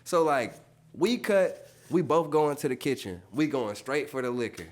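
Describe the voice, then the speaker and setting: A man's voice: mid-range voice, animated, measured pace, pauses often. A man, a tattoo artist, telling stories on a podcast in loose, slangy speech full of swearing, acting out quotes with sudden jumps in his voice. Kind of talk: casual podcast storytelling.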